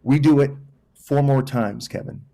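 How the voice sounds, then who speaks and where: A man in his forties from Texas, appearing on a podcast, speaks unhurriedly in a mid-range, creaky, dark-toned voice. He tells a story casually, acting out other people's lines and repeating phrases to stress them.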